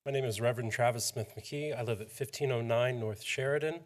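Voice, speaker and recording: Man, mid pitch, pastor, measured, hesitant, public comment, council chamber.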